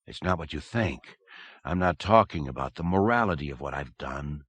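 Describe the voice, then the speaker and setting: A man's voice: extremely low pitch, animated, moderate pace, a bit bright, husky, no room sound, exaggerated voice. A man voicing a troubled man under hypnosis who speaks uneasily and cries out in alarm. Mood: uneasy. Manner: uneasy, pleading.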